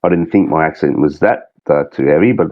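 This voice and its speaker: A man's voice: very deep voice, a little fast, highs cut off, a crowd in the background. A man with a thick Australian accent, chatting as a podcast guest in a rambling, laid-back way. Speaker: guest, game mod creative director. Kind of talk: casual podcast chat.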